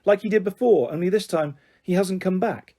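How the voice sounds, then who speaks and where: A man's voice: high-pitched, fairly quick. A man voicing a blunt, matter-of-fact girl, the older sister, in a storybook reading. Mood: deadpan. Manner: plain, matter-of-fact, deadpan.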